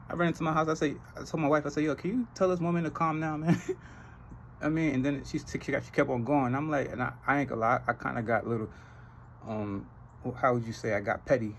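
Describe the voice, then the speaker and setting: A Trinidadian man hosting a podcast in a casual monologue, telling animated stories and laughing often. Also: medium pitch, brisk, creaky, a little hiss or hum, poor audio. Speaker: podcast host.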